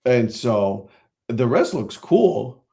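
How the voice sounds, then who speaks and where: A man's voice: medium pitch, very animated, very slow, creaky, mellow. Rambling man on a casual podcast. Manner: rambling, lots of fillers and restarts. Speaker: podcast co-host. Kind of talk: casual chat.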